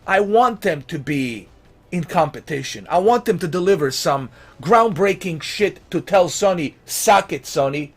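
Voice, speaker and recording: Male vlogger, frustrated rant, a bit high-pitched, very lively swings, swears a lot. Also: normal speed, slightly rough. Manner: exasperated, swearing, rhetorical questions; pleading and emphatic. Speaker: gaming vlogger. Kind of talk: ranting vlog commentary.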